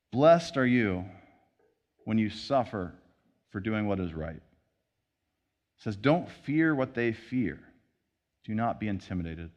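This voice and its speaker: A pastor preaches a sermon conversationally, acting out everyday voices as he quotes them. His voice is mid-range, and the recording has its highs cut off.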